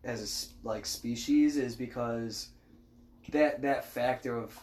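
A young man co-hosting a podcast in crude casual chat, joking loudly and swearing a lot. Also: mid-range voice, takes it slowly. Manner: loud, jokey, swears a lot, shouts and laughs. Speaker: podcast co-host.

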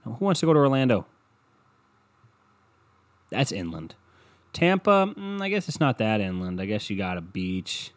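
Browsing online maps at his desk, a solo podcast host rambles casually and swears with sarcasm into his computer mic. His voice is on the low side and very animated, at a moderate pace with long pauses.

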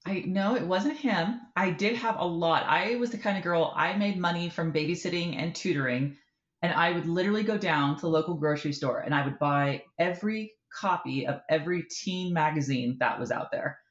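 Animated woman telling a story, roomy sound. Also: fairly low pitch, a little fast, lo-fi sound. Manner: animated storyteller, acts out quoted voices. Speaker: author guest. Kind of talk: casual interview chat.

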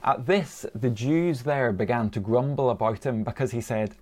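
A man's voice: mid-range voice, normal speed, a little mellow. A man preaching a sermon in a conversational way, asking his listeners rhetorical questions.

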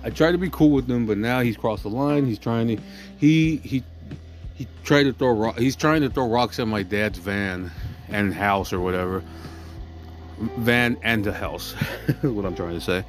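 A man's voice: lowish voice, normal speed, soft background music. A man hosting a podcast, ranting aggressively with constant swearing and asking "you know what I'm saying" again and again. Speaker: podcast host. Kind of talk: profane ranting monologue.

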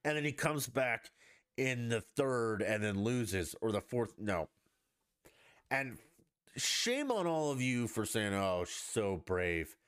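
A man's voice: medium pitch, sing-song, takes it slowly, fairly bright tone, smooth, no echo, clean studio sound. A man hosting a podcast, ranting in a blunt, profane and mocking way in a casual monologue. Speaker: podcast host.

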